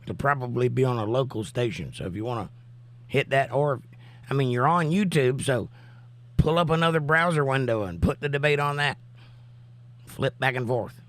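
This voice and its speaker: A male host chats through a relaxed livestream, reading comments from viewers aloud. His medium-pitched voice is a bit bright and moves at a moderate pace, though it's still recovering from a cough.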